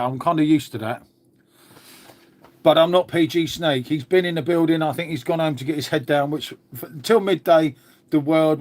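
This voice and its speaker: A man's voice: fairly high pitch, darkish tone. An English man chatting casually on a live stream, answering viewer comments in a laid-back way and calling everyone mate.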